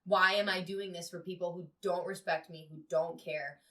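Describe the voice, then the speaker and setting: A woman voicing a weary, overburdened teenage girl venting in a low, despairing inner monologue. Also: steady tone, normal speed, pushed and bright, distant mic.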